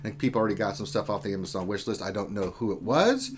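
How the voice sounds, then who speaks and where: A man's voice: fairly low pitch, animated, quick pace. A man hosting a lunchtime gaming live stream, joking around and reading out viewer comments in a casual chat. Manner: joking, banter-filled.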